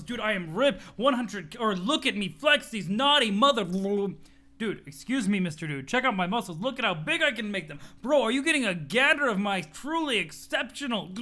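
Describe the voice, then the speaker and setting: A man's voice: high voice, big pitch swings, a little fast, bright, forceful tone. A man streaming a read-through, laughing and thanking his viewers in casual chat. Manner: laughing, thankful, a little stumbling. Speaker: streamer reading a webcomic aloud.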